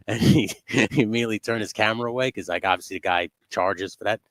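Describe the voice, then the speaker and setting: Profane, animated man telling stories. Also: lowish voice, quick pace, no echo. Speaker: host of a live stream. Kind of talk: casual chat.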